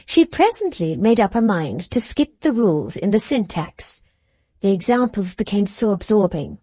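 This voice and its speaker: A woman reading a classic novel as an audiobook narrator, in a measured storytelling manner. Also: mid-range voice, big pitch swings, dark tone, slightly rough, no room sound. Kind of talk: scripted narration.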